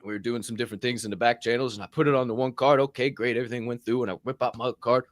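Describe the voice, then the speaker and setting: A man co-hosting a live podcast, telling a story in an excitable, profane way and acting out what people said. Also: medium pitch, racing, hardly any pauses, no echo, studio quality. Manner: profane, excitable, acts out quotes. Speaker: podcast co-host. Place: hotel room.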